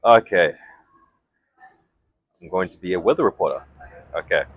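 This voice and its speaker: A man, a company chief, talking in a relaxed, thoughtful way as a guest in an interview. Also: deep voice, no echo, studio quality. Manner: thoughtful, reflective, with pauses and restarts. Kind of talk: casual interview chat.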